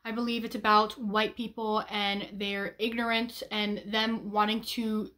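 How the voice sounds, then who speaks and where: A woman's voice: medium pitch, little pitch movement, unhurried, pushed and bright. A young woman vlogger chatting casually about her reading plans, bubbly, with frequent ums and restarts. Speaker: book vlogger. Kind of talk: casual chat.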